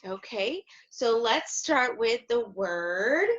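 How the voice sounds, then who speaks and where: A woman teaching a phonics lesson to young children, speaking slowly and clearly, sounding words out and praising often. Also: a little high, animated, fairly bright tone. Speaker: kindergarten teacher. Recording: slightly dull, lo-fi sound.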